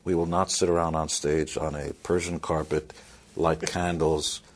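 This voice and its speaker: Deep husky man giving blunt advice. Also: level tone, moderate pace. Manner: blunt, wry, with dry humor. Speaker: interviewee. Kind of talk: motivational interview talk.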